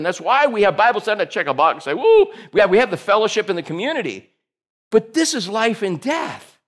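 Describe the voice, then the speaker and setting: A man's voice: sits high, a bit bright. A man preaching a casual, joking sermon to a small group, teasing listeners by name. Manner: jokey, teasing listeners by name, playful asides. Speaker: pastor.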